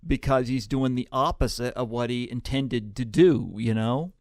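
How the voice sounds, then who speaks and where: A man's voice: mid-range voice, moderate pace, a little mellow, dry recording, clean studio sound. A man hosting a podcast interview, chatting casually and filling his sentences with "you know" and "like". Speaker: podcast host. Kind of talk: interview chat.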